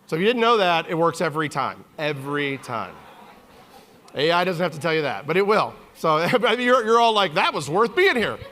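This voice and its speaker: A man in his forties giving a humorous keynote on stage, telling stories with lively acted-out quotes. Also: on the high side, normal speed, slight background noise. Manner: animated, jokey, acts out quotes in voices. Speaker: keynote speaker. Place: conference stage.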